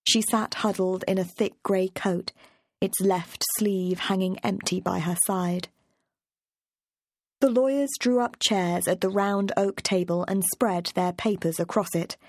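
A woman's voice: mid-range voice, steady tone, unhurried, no echo. Woman narrating an audiobook, dry sound. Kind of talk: scripted narration.

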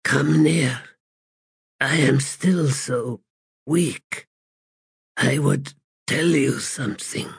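A man voicing a broken, chained god who speaks in a frail, halting voice. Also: medium pitch, no room sound, pitched above the performer's own voice, exaggerated voice. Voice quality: frail, breathy. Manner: slow, pleading, halting.

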